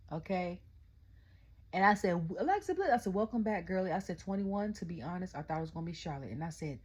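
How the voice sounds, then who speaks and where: A woman's voice: low voice, slightly rough. Chatty woman ranting about wrestling. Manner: animated storytelling, quotes her own reactions, frequent "okay?". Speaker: wrestling review vlogger. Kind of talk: casual rant.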